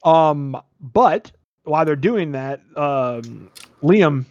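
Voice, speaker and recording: A high-voiced man hosts a casual movie review podcast, rambling and making self-deprecating jokes. His voice is dry and close, on a dull lo-fi recording. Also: animated, drawn-out words, darkish tone, no echo. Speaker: podcast host.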